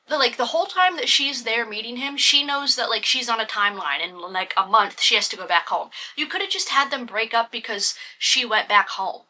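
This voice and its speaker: A woman's voice: fairly high pitch, bright, forceful tone. A young woman reviewing a book casually, exasperated and swearing, with lots of "like".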